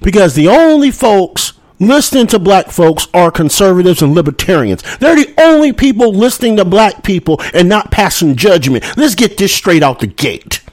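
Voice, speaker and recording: A man's voice: high voice, big pitch swings, moderate pace, few pauses, no echo, studio quality. A man hosting a political talk show, delivering a heated monologue full of profanity and rhetorical "hmm?" asides. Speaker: podcast host.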